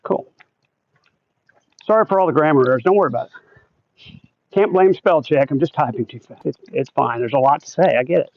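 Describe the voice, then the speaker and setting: Walking outdoors through a neighborhood, a man hosts a casual livestream, chatting and reading viewer comments aloud. His voice is fairly high and fairly quick, broken by long pauses, and the sound is dull, dry and lo-fi.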